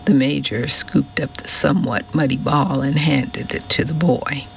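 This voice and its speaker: A man narrating a novel in an unhurried, even reading voice. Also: mid-range voice, gravelly. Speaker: audiobook narrator. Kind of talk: scripted narration. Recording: dull recording with faint hiss.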